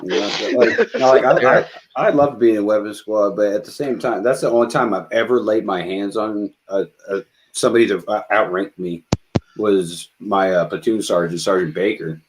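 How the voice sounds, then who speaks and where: A veteran host talks in a relaxed, low-pitched voice, trading stories with fellow soldiers. He swears casually and often stumbles and restarts his sentences. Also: background noise. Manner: relaxed, profane, halting restarts. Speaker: podcast host, army veteran. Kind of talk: casual chat.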